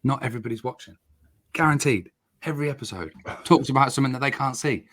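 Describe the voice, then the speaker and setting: A man's voice: fast talker, a bit bright. Playful, teasing man hosting. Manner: teasing, playful, jumps up in pitch for jokes. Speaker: podcast co-host. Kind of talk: casual chat. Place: dark home studio.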